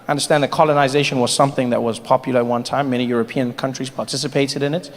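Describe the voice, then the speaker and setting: A man from Africa performing an animated stand-up comedy routine, acting out voices as he tells stories. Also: medium pitch, racing. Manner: animated storytelling with acted-out voices. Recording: live hall with audience. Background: audience laughter.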